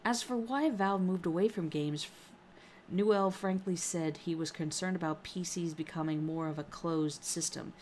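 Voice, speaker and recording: A woman with a fairly low voice co-hosts a casual gaming podcast, reading news stories aloud. She stumbles over words and laughs at her own slips. A faint hiss of noise sits under the recording. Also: moderate pace, a little mellow.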